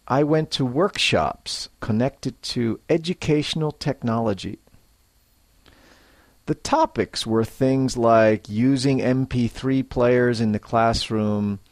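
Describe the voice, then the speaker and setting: A man teaching English in a scripted lesson, speaking clearly and acting out example sentences to show intonation. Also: medium pitch, a little mellow, no echo. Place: Japan.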